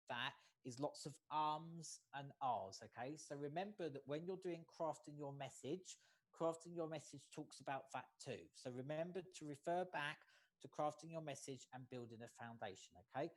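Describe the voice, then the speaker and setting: A facilitator teaches an online workshop in a steady, deliberate way. Points come one at a time, each capped with a quick "okay?" to keep the remote group following. The voice comes through a video-call mic. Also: medium pitch. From United States. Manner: measured, often checks in with "okay?". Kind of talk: online training lecture.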